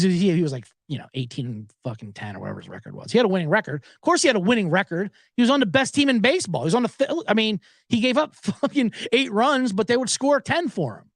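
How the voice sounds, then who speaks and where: A man, hosting a podcast and rambling through a profane, animated story. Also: on the high side, creaky, no echo, clean studio sound. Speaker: podcast host. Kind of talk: casual storytelling monologue.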